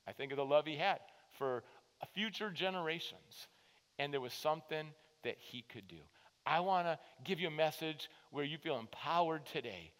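A man preaching a sermon as pastor, building to emphatic rallying calls and dropping to hushed asides, in a church. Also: a little high, lively intonation, normal speed, big-room sound, poor audio. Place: church sanctuary.

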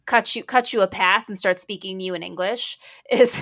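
A woman's voice: medium pitch, normal speed, a bit bright. A woman from the United States who asks long, thoughtful, meandering questions in a casual chat.

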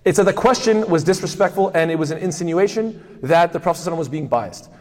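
A man teaching a religious lesson who keeps posing rhetorical questions, stumbles through doubled fillers and restarts, and recites verses quickly. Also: fairly high pitch. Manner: asks himself rhetorical questions ("what?"). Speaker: Islamic studies teacher. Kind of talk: lecture on hadith. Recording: long hall reverb.

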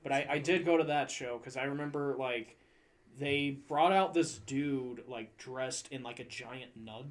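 A man's voice: medium pitch, unhurried. Swearing laid-back man telling show stories. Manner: swearing, laughing storyteller. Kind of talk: casual chat.

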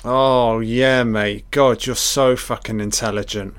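A man's voice: medium pitch, fairly even intonation, slow pace, clear, resonant tone. A man giving a casual watch-along film commentary, blunt and sarcastic, swearing constantly and dryly critiquing what he sees. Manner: dry running critique.

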